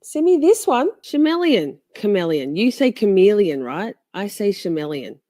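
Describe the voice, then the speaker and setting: A woman's voice: mid-range voice, huge pitch swings, normal speed, mellow, dry recording, studio quality. A woman hosting a casual livestream, chatting with playful mock outrage and frequent laughter. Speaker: livestream host.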